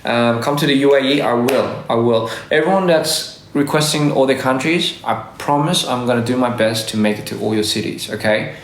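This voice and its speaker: A man talks casually into his phone on a livestream, rambling through shout-outs and restarting his sentences. His voice sits at a middle pitch. The sound is roomy and echoey. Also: moderate pace, hardly any pauses. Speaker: livestreaming artist. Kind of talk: casual livestream chat to fans.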